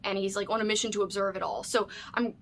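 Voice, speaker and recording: Woman vlogger, casual book chat, excitable and chatty, mid-pitched voice. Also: quick pace, a little hiss or hum. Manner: chatty and enthusiastic, with frequent "like" fillers. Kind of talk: casual reading vlog chat.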